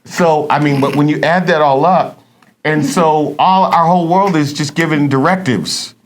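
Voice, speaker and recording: A middle-aged man, a pastor co-hosting a casual chat, who talks in a preachy, animated way and acts out quoted dialogue. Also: fairly high pitch, moderate pace, slight background noise. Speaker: pastor and podcast co-host.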